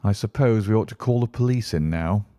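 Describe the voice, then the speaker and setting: A brisk, impatient detective, read by a man, explains his reasoning in a crisp, lecturing way. The voice sits low and mellow, recorded dry and close. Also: no room sound, close to an everyday voice. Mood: thoughtful. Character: Sherlock Holmes, brisk, impatient male detective.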